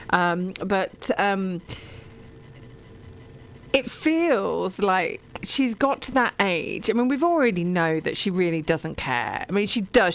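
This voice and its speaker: A middle-aged woman from England talks about books on the radio in a warm, effusive ramble. Her voice sits a little low, and she fills pauses with ums and restarts her sentences often. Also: creaky, a little hiss or hum, rough recording. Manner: gushing, digressive, many ums and restarts. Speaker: radio show guest or presenter talking books.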